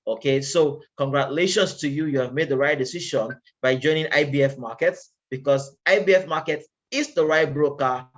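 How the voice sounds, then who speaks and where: A man's voice: on the high side, normal speed, few pauses, highs cut off. A man presenting a trading webinar in a casual, conversational way, often checking in with "okay" and pressing his points with rhetorical questions.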